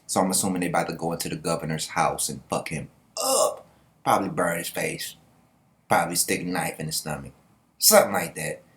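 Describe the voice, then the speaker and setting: A man's voice: low voice, animated, a little fast, fairly bright tone. A young man giving casual, sarcastic manga reaction commentary and laughing often.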